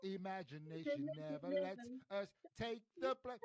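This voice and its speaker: A man's voice: high voice, sing-song, normal speed, a loud crowd. A man hosting a podcast, guessing words in a party game, laughing and thinking aloud. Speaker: podcast host. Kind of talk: playing a guessing game with guests.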